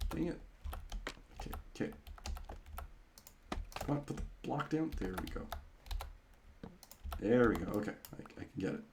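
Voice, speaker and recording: A man's voice: fairly high pitch, creaky, background noise. A man streaming live, chatting casually with viewers while he plays, rambling and often breaking into laughter.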